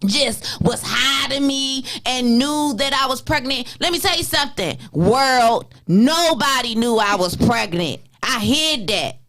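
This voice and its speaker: A woman's voice: sits high, expressive, a little slow, few pauses, fairly bright tone. A woman co-hosting a talk show who tells stories in a casual way and acts out the voices of the people in them. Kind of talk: casual storytelling chat.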